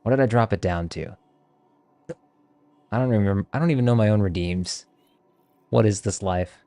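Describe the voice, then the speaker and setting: A man's voice: on the low side, normal speed, mellow, no echo. A man from Texas streaming a game live, putting on a thick Texas accent and bantering with viewers in a joking, profane way. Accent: put-on Texas drawl. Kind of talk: casual livestream chat while gaming.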